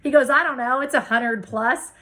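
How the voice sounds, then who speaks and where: A woman telling a business story in a casual interview, acting out the quoted dialogue with lively shifts of voice. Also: high-pitched, moderate pace, rough recording. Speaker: real estate investor guest.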